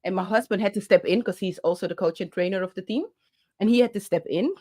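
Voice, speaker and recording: A woman's voice: medium pitch, quick pace, a little mellow. A woman hosting her own channel, telling a personal story with passion and speaking into a handheld microphone, with many fillers and restarts. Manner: passionate, talks with her hands. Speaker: channel host.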